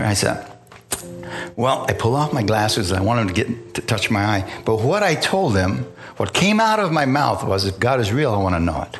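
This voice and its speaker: A man's voice: medium pitch, very animated, normal speed, faint music behind. A man preaching to a congregation, telling his own story and acting out other people's voices, often asking for an amen. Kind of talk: testimony sermon. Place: church in front of a congregation.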